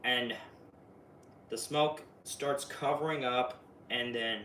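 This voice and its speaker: Man, casual spoiler recap, excitable and chatty, distant mic, faint ambience. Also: mid-range voice, extremely slow, echoey room, a little hiss or hum. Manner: excitable, chatty, with lots of fillers. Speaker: video reviewer.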